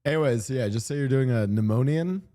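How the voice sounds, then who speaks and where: A man's voice: mid-range voice, fairly quick, warm tone. A man streaming, reacting to clips in rambling, joking casual commentary with many restarts.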